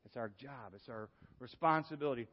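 A male pastor preaching a sermon, moving from hushed, earnest passages to lively exclamations. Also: medium pitch, brisk. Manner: animated, swings from hushed to exclaiming. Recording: dull sound with long hall reverb.

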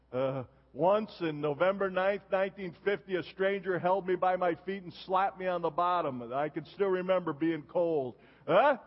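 A man in his seventies preaching a sermon as pastor, telling stories and punctuating them with a questioning "huh?". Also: sits high. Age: 70s. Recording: dull long reverb of a church hall.

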